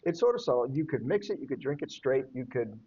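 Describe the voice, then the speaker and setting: A man's voice: mid-range voice, lively intonation, quick pace, mellow, slightly rough. A man co-hosting a casual podcast tasting, full of joking banter. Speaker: podcast co-host. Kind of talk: casual chat. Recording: slightly dull lo-fi audio with faint noise.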